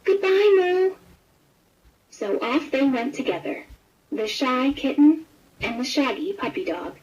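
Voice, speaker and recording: A woman reads a children's storybook aloud, slow and gentle, with a slightly high voice. The recording is muffled and lo-fi, like audio from an old toy. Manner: gentle, expressive read-aloud. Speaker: storybook narrator. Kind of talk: scripted children's story narration.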